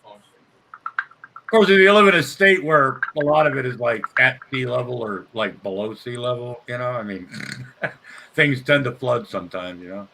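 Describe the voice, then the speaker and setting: A man's voice: mid-range voice, measured pace, creaky, a little hiss or hum. A man telling crude stories in casual chat, laughing and swearing as he talks. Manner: laughing, swearing, animated storytelling.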